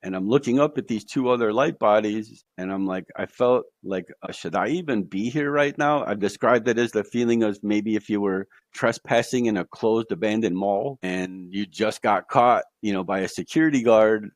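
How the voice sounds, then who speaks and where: Earnest man with a low, dry voice. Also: moderate pace, hardly any pauses, dry recording. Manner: earnest storytelling with fillers, quoting voices he heard. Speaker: podcast guest. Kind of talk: recounting a near-death experience.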